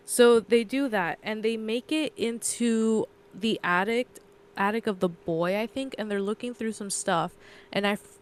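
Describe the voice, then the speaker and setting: A woman co-host chatting her way through a story recap, circling back and correcting herself as she goes. Her voice is smooth and clear, sitting at an ordinary middle pitch. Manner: rambling, loose recap full of fillers and self-corrections. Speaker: podcast co-host. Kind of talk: casual chat, retelling a story.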